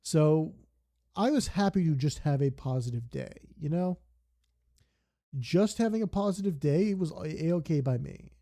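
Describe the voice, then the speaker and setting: A young man chats casually while streaming a game. He rambles and sidetracks constantly, and his slightly high voice has a gravelly, mellow edge. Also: expressive, a little slow. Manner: rambling, digressive storytelling.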